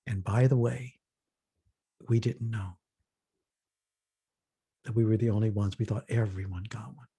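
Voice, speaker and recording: A man's voice: lowish voice, fairly even intonation, measured pace, long pauses, dark tone, breathy edge. A man leading a workshop dialogue, earnestly telling stories and acting out the people he quotes. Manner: earnest storyteller, acts out quoted voices. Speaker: workshop facilitator. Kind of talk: reflective workshop talk.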